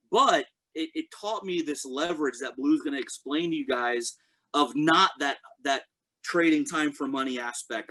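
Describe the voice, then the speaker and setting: An earnest man in his thirties gives a motivational talk. His voice sits slightly high for a man, and he speaks in a direct, personal way, often turning to his listeners to check they are with him. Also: fairly bright tone. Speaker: network marketing speaker introducing a guest.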